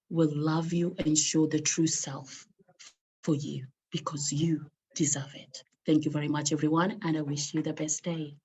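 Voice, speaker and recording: A woman telling a personal story at an online rally, emotional and emphatic, slowing down to stress key words. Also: low-pitched, warm tone, slightly rough, dull audio.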